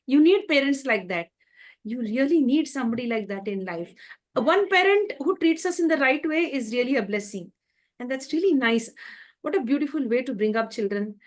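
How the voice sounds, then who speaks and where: A woman with a fairly high voice hosts an interview. She asks open questions and answers her guest with effusive, repeated praise, often doubling her words. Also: lively intonation, moderate pace. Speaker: interview host.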